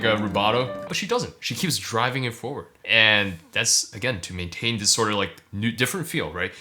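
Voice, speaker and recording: A man, a pianist, gives casual, enthusiastic reaction commentary on a performance, full of fillers and excited outbursts. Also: on the low side. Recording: piano music playing behind.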